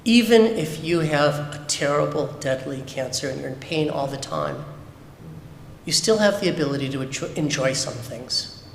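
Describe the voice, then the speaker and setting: A man speaks openly to a congregation, pressing his points with rhetorical questions in a fairly high voice. His words ring out through a synagogue sanctuary with a long, echoing reverb. A faint room hum sits underneath. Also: expressive, moderate pace. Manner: candid, emphatic, many rhetorical questions. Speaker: speaker at a Shabbat service. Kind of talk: personal testimony talk. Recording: echoey hall with long reverb.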